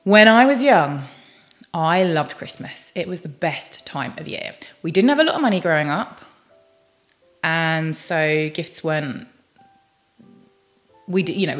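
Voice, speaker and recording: Bubbly low-voiced British woman. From United Kingdom. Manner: bubbly, chatty, rambling asides. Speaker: vlogger. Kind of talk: personal vlog, casual chat.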